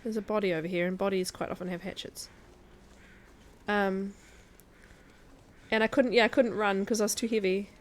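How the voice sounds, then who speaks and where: A woman's voice: mid-range voice, fairly even intonation, normal speed, pauses often. A woman chatting casually as a guest streamer while she plays a survival game, laughing often. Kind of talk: casual gameplay commentary.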